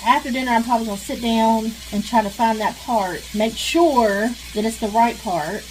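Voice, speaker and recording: A woman talks in a chatty, rambling way, venting with sighs while she cooks. Her voice sits high. Frying and sizzling in the home kitchen come through clearly around her. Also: moderate pace, slight background noise, rough recording. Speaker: vlogger. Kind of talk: casual chat while cooking. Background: sizzling frying pan.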